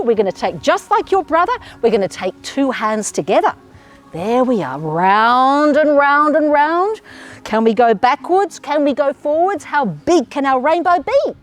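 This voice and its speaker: A woman's voice: on the high side, darkish tone. Sing-song Australian woman teaching kids yoga. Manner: sing-song, encouraging, playful animal sounds. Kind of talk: children's yoga class instruction.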